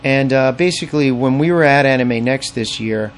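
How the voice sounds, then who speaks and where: A man's voice: medium pitch, normal speed, slight background noise. A man co-hosting a podcast, rambling in a laid-back, casual way. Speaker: podcast co-host. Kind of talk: casual chat.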